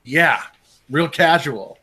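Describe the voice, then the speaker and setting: A man's voice: a little high, slow pace, bright, forceful tone. A man co-hosting a podcast, laid-back and agreeable in casual chat. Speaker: podcast co-host.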